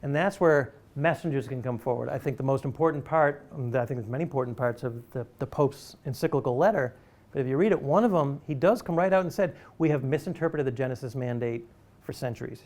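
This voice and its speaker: A man's voice: mid-range voice, quick pace, a little mellow. A man giving a public lecture to an audience, talking in an emphatic, conversational and persuasive way. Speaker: university lecturer.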